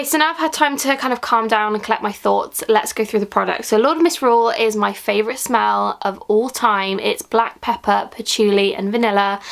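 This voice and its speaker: A young woman talks through an unboxing with breathless excitement, gushing over each product and now and then sinking into an awed whisper. Her voice sits a little high, with a gravelly edge of fry at the ends of phrases. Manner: gushing, excitable, drops into whispers when thrilled. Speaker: beauty vlogger. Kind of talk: unboxing vlog, casual chat.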